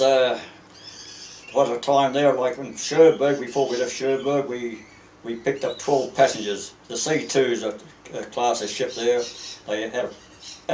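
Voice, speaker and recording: An older man with an Australian accent tells sea stories in a rambling, halting way, full of fillers and restarts. His middle-pitched voice sounds distant from the mic in a roomy space, with faint ambience underneath. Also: a little hiss or hum. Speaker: retired merchant seaman. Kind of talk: reminiscing storytelling.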